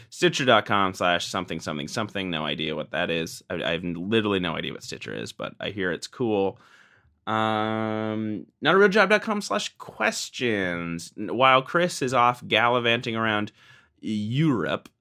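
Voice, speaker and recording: A man co-hosting a podcast in casual chat, playful and teasing, with his tone leaping between high and low. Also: sharp tone, smooth. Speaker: podcast co-host.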